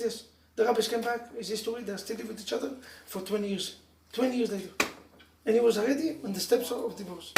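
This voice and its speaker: Animated rabbi preaching in an echoey room. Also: male voice, high voice, vocal fry. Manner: animated storytelling with laughs and sudden loud emphasis. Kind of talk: sermon to a live audience. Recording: echoey room, mic from far off.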